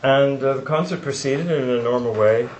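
Older man, conference closing address, reflective tone, mid-pitched voice, echoey room. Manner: reflective, recites poetry with slow emphasis. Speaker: honoree giving closing remarks. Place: lecture room. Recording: roomy hall echo.

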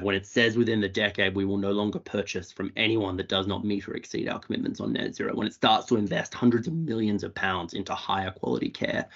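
A man with an Australian accent speaks plainly and quickly, with dry humour. His voice sits fairly low. The sound is dull and lo-fi, like video call audio. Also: a bit bright. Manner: plain-spoken, quick and wry. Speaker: conference speaker. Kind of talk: talk to a video call audience.

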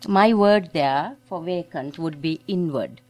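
A woman giving a keynote academic lecture, explaining carefully and pausing to search for words. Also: on the low side, darkish tone. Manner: explanatory, reads extracts aloud, searches for words. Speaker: keynote speaker.

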